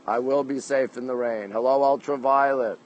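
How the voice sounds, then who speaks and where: On a city rooftop at night, a Canadian man hosts a casual livestream, reading viewers' comments aloud into his phone and greeting them by place name. His medium-pitched voice holds a steady tone at normal speed, and the recording has its highs cut off.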